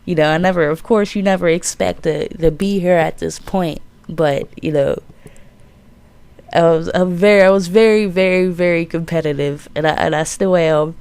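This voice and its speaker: A woman in her twenties, a gaming commentator, telling a childhood story in a casual, profane, animated way. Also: fairly low pitch, moderate pace, clear, resonant tone, no room sound. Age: 20s.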